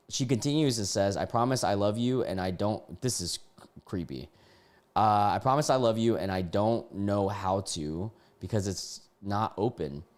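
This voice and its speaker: Young guy streamer reading dms out loud, chill and jokey, lowish voice. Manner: laid-back, joking, sometimes incredulous. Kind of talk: casual livestream reaction, reading messages aloud.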